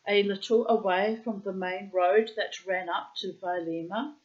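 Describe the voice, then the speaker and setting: A woman narrates a short story in an unhurried, measured way. Her voice sits at a middling pitch. The recording sounds a little dull and muffled. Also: a bit bright. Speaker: reader.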